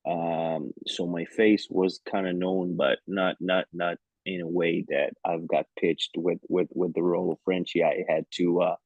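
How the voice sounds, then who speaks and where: A man's voice: low voice, flat delivery, a little slow, hardly any pauses, no echo, phone-quality sound. A man with an Israeli accent chatting playfully as an actor guest in a video-call interview, with many fillers and restarts.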